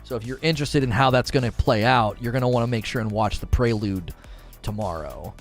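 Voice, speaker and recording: A man's voice: medium pitch, a little fast, soft background music. A man in his thirties chatting casually on a live stream as the streamer, rambling with many fillers and restarts.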